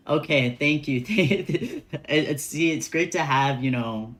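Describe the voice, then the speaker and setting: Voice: medium pitch, slow, hardly any pauses, fairly bright tone. A game streamer chatting casually with their chat, laughing often while reading a story game aloud.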